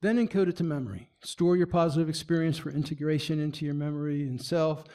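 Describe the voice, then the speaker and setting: A man presenting at a marketing meetup. He speaks in a lively, demonstrative way, acting out facial expressions and often stumbling and restarting his sentences. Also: on the high side, quick pace. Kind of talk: presentation talk.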